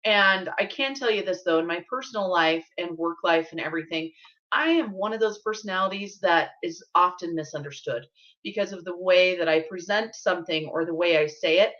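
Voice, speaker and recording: A woman co-hosting a casual live-stream chat, talking quickly and bluntly and often asking "you know what I mean?". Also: fairly low pitch, pushed and bright, lo-fi sound. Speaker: co-host of budgeting channel.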